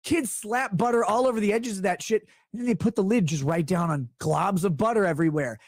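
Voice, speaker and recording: A man's voice: high voice, fairly quick, no echo, studio quality. A man on his livestream, reading chat messages aloud and launching into an exasperated, profane, sarcastic rant. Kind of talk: ranting livestream monologue.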